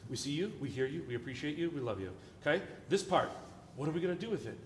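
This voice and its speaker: Leading a rehearsal in a large, echoey concert hall with long reverb, a male orchestra conductor coaches the players in a playful, encouraging, jokey manner. He talks fast in a slightly high voice with lively intonation, over a little hiss or hum.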